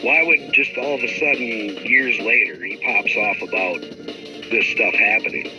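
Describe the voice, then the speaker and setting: Frustrated low-voiced man ranting on a stream. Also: moderate pace. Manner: frustrated, rambling, profane. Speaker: livestream host. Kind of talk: casual livestream rant. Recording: dull lo-fi stream audio with music.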